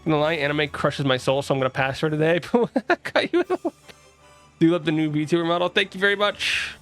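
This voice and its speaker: A young man from the East Coast of the US talks fast on a casual stream, greeting viewers and reading their messages aloud. His voice is a little high, fairly bright and smooth, with fairly even intonation, and faint music plays behind him.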